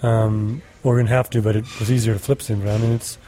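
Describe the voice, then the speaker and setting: Man, actor, mellow voice, hesitant, lots of ums and uhs, indoor stage. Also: lowish voice, level tone, fast, slight background noise. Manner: hesitant, many filler sounds. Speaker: actor interviewed on set. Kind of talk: casual behind-the-scenes chat. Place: indoor green-screen stage.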